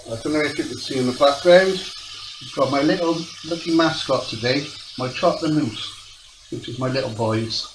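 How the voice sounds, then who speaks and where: A man's voice: medium pitch, moderate pace. A young man chatting casually as he cooks at home, explaining each step of his recipe. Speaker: home cook. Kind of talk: casual cooking tutorial. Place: home kitchen. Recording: echoey kitchen from far off, noisy.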